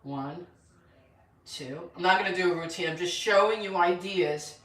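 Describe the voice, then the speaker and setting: A woman's voice: fairly low pitch, moderate pace, a bit bright, far from the mic. Older woman, casual live-stream chat, rambling, echoey home room, mic set back. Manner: chatty, rambling, counting out exercise reps. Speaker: lifestyle channel host.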